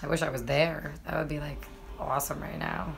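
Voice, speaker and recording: A woman's voice: low-pitched, fairly even intonation, a little fast, vocal fry. A young woman, chatting casually and cursing as she talks to viewers on a live stream. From New York.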